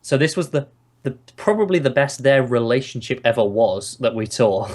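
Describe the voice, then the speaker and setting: A man co-hosting a relaxed TV review chat. He is a little drunk and speaks with wry humor. He swears freely when he complains. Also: mid-range voice, normal speed. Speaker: co-host.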